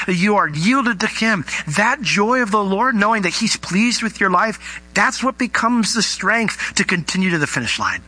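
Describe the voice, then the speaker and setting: A man preaching a sermon, animated and acting out the people he quotes. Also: fairly high pitch, rough recording. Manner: animated, acts out quoted voices. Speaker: pastor.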